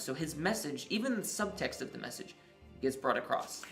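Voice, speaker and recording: A man's voice: a little high, animated, fairly quick, a bit bright, faint music behind. A man co-hosting a casual podcast, making analytical points in long run-on sentences. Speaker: podcast co-host. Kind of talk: casual political podcast chat.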